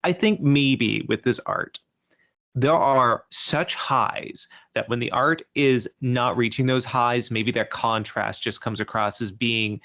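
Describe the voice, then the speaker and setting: A man in a casual comics discussion, speaking in a measured way and pausing to search for the right words. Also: medium pitch, a bit bright, no echo.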